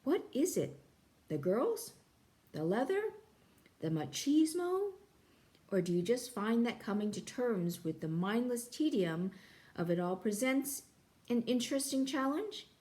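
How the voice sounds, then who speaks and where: A woman voicing a quick-witted, glib man who coaxes and persuades in a breezy way. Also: on the high side, big pitch swings, warm tone, pitched above the performer's own voice. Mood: persuasive.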